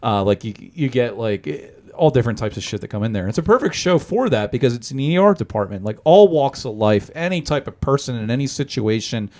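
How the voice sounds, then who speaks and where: A man co-hosting a casual podcast and ranting freely. He swears often and fills his talk with "like" and restarts. His voice sits at an ordinary middle pitch. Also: expressive, a little fast, few pauses, a little mellow. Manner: ranting, swearing, full of fillers. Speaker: podcast co-host. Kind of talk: casual chat.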